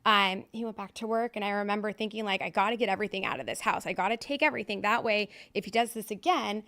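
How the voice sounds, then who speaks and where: A fast-talking woman in her thirties from Southern California appears as a podcast guest, telling her personal recovery story at a middle pitch. Her loose, conversational delivery is candid and blunt, full of fillers, frank asides and frequent swearing, and she never softens the hard parts.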